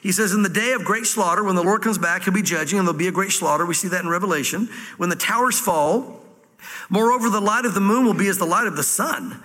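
A man's voice: high-pitched, fast talker, pushed and bright, in a large hall. A man with a Southern American accent preaching a verse-by-verse sermon to a congregation, reading scripture and then explaining it with folksy asides. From Southwest Virginia, US. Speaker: pastor. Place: church room with audience.

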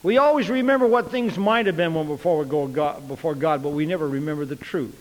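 A folksy preacher man delivering a sermon, his voice sitting a little high for a man. He acts out each conversation he tells, and a long reverb from the hall trails behind his words. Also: quick pace.

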